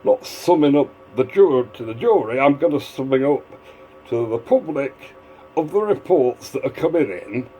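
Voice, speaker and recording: Rambling man with lively pitch. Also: normal speed, faint music behind, low-quality recording. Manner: rambling, digressive, full of fillers and restarts. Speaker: vlogger. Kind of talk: casual rambling commentary.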